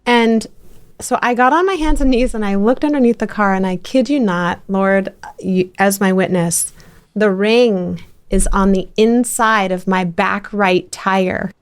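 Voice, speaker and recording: Woman, middle-aged podcast host, lively rambling storyteller. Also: mid-range voice, measured pace, smooth. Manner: animated storyteller with many restarts. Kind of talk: casual interview chat.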